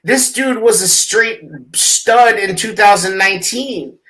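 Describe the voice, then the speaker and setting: A man co-hosting a casual sports talk show who talks in an excited, profane, animated way. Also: sits high, slow, crowd noise, rough recording. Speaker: podcast co-host.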